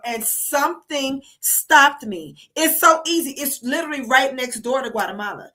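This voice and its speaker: A woman's voice: high-pitched, expressive, normal speed, hardly any pauses, bright, forceful tone. A woman from the United States hosting a livestream, delivering a profane, heated and emphatic casual rant. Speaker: streamer host.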